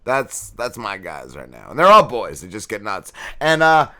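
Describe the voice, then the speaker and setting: Bright crisp-voiced guy hosting, chatty and quick, telling dad stories. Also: fairly low pitch, wildly swooping pitch. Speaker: radio show host. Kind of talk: casual chat.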